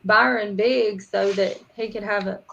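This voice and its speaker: A bright, clear-toned woman hosts a casual livestream chat with friends and jokes around goofily. She talks over a video call at an easy middle pitch. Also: fairly even intonation, measured pace, dull audio, slight background noise. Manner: goofy, laughing, sings a little jingle. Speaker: livestream host.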